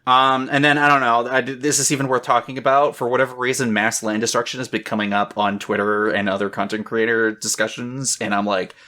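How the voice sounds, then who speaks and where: A man co-hosting a podcast in casual chat, excitable and swearing freely, with lots of "um". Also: mid-range voice, a little fast, few pauses. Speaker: podcast co-host.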